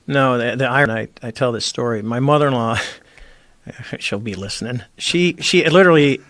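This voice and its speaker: A man's voice: mid-range voice, moderate pace, no echo. A middle-aged man, a former Navy squadron commander, telling a story in casual conversation and acting out the quoted lines. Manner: animated storyteller, acts out quoted dialogue.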